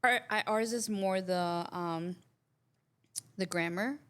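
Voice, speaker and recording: A woman's voice: medium pitch, takes it slowly, a bit bright, smooth. Chatty woman podcast co-host. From southern Albania. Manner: rambling storyteller who acts out quotes. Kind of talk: casual chat.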